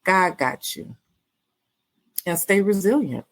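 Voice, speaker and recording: A woman podcast host, signing off with warm, repetitive encouragement and many fillers. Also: medium pitch, lively intonation, slow pace. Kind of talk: casual podcast sign-off.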